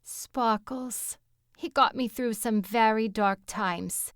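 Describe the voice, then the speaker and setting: A woman's voice: on the high side, slow pace, clean tone, dry recording, studio quality. A woman voicing a brash, self-absorbed woman on a date, with a Bronx accent and a gushing, over-eager way of talking.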